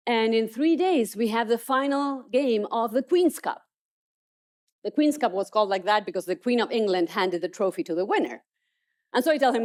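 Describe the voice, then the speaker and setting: A woman's voice: on the high side, animated, normal speed, a little mellow. A woman motivational speaker telling stories emphatically in a keynote. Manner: storytelling, emphatic. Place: conference stage.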